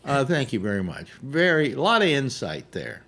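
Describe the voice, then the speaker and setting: A man hosting a casual panel chat on a video call, sarcastic and animated, stumbling over restarts. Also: medium pitch, normal speed, gravelly. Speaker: host.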